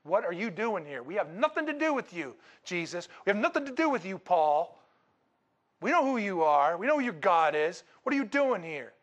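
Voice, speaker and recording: A hostile demon spirit snarls its defiance, taunting and accusing. A male preacher acts it out in a slightly raised pitch, right in the middle of his sermon. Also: big pitch swings, normal speed, a bit bright, highs cut off. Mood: defiant.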